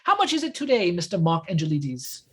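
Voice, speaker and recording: A man's voice: sits high, wildly swooping pitch, slightly rough. A man hosting a mock game show on a video call, quipping jokes at his panelists. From Canada. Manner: jokey, quick-quipping.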